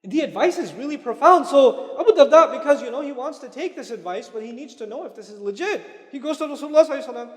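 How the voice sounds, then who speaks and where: Man, religious lecture, high voice, conversational, casual asides, long hall echo. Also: expressive, racing, hardly any pauses. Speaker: Islamic lecturer.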